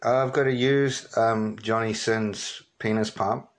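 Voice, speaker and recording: A man making a prank phone call, deadpan and hesitant, with many ums. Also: on the low side, takes it slowly, a little hiss or hum. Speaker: prank caller.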